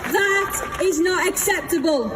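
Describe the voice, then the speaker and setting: A woman's voice: very high-pitched, measured pace, fairly bright tone. A woman giving a defiant, rousing speech at an outdoor rally. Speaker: protest speaker. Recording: roomy PA sound with crowd noise. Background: crowd and noise.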